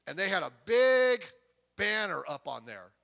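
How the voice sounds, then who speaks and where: High-voiced preaching man in a reverberant hall. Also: unhurried, creaky. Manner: animated preaching with sudden loud emphasis and quiet asides. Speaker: pastor. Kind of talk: sermon. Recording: long reverb of a church hall.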